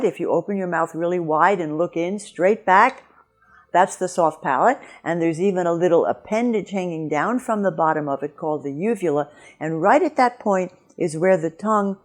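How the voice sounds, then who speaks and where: A woman teaching French pronunciation in an online lesson, explaining patiently and modeling example words. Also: on the low side.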